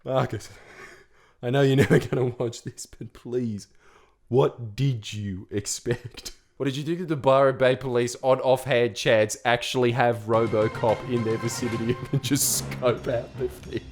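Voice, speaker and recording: A man's voice: medium pitch, steady tone, normal speed, faint music behind. Sarcastic man roasting reviews. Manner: sarcastic, mocking voices when quoting. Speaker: comedy reviewer. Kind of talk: comedic commentary reading online reviews.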